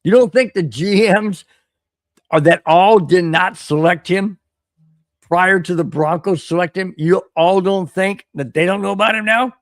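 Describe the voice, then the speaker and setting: A man's voice: high voice, a little slow, no room sound, clean studio sound. A man hosting a sports podcast, giving casual commentary with emphatic rhetorical questions. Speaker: podcast host.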